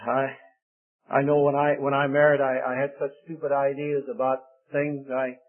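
A man's voice: mid-range voice, normal speed. An older man preaching a sermon, telling homely stories about his marriage in a folksy way and acting out the voices of the people he quotes. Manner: folksy storytelling, quotes others in lively voices. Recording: phone-like narrow sound.

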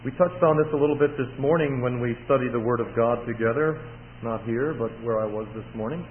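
A middle-aged man preaching a sermon, his voice going hoarse, rising in force for emphasis with earnest asides. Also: fairly quick, in a large hall, a little hiss or hum. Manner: builds in volume and pitch for emphasis, with earnest asides. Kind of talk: sermon at a retreat. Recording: tinny phone-like old recording.

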